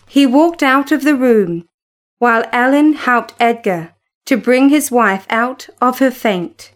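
Woman reading a story out loud, high voice, real slow. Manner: steady, measured reading. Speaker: narrator.

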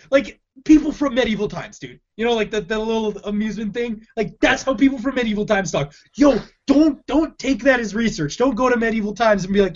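A man's voice: extremely high pitch, fairly quick, hardly any pauses. A young man, a podcast co-host, chatting casually and emphatically about a bad movie, laughing often and using slang. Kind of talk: casual movie review chat. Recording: dull lo-fi audio.

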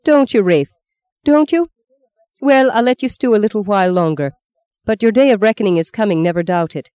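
A woman's voice: mid-range voice, lively intonation, fast, a little mellow, clear, resonant tone, no echo, pitched above the performer's own voice, close to an everyday voice. A woman voicing a scheming, sardonic old woman who speaks curtly and mockingly. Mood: taunting. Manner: mocking, curt, taunting.

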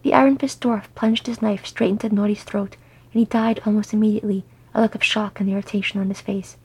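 A woman reading fan fiction aloud as an audiobook, in a soft, unhurried storytelling manner. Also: medium pitch, steady tone, breathy edge, rough recording. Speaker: audiobook reader.

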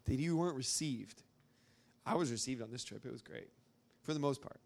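In an informal talk at a church gathering, a young man from Arkansas, USA, wanders through a story with lots of fillers. His mid-range voice carries vocal fry, and he moves briskly.

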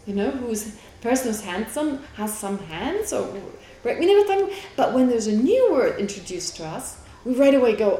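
A woman's voice: on the high side, very animated, moderate pace, hardly any pauses, warm tone. A woman teaching a Buddhist philosophy class, explaining patiently and often checking in with her students. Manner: explanatory, asks the class questions, laughs easily. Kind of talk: classroom lecture. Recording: echoey room with faint background noise.

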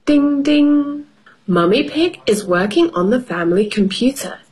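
A woman teacher reading a storybook aloud to children, expressive and asking them questions as she goes. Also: medium pitch. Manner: slow, expressive, asks the listener questions. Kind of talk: storybook read-aloud lesson.

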